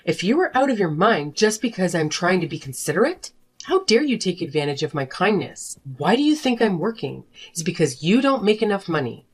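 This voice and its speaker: Female actor: slightly low voice, furious wife and mother, sharp and confrontational. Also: big pitch swings, a little fast, breathy edge. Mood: angry. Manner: indignant and confrontational. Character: fed-up young wife and mother, sharp-tongued. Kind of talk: narrated drama story dialogue.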